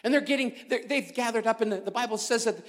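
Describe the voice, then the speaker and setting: A man's voice: extremely high pitch, fast talker. A man giving a sermon in a church, joking at his own expense in a conversational manner. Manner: jokey, self-deprecating, conversational. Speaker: guest preacher. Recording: echoey hall.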